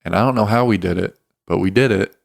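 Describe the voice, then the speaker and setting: A man, co-hosting a casual podcast, speaking slowly and haltingly. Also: deep voice, gravelly, slight background noise. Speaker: podcast co-host.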